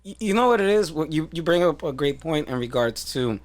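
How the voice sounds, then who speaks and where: A man hosting a podcast interview, talking in a loose, profane, animated way. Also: a little high, brisk. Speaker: podcast host. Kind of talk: casual interview chat.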